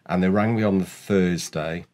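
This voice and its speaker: A middle-aged man from England talks in a casual interview with a very low voice. He recounts his experience earnestly and plainly, sometimes acting out what others said. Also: steady tone, moderate pace, darkish tone. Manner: earnest storytelling, acts out quoted voices. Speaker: interview guest. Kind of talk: casual conversation.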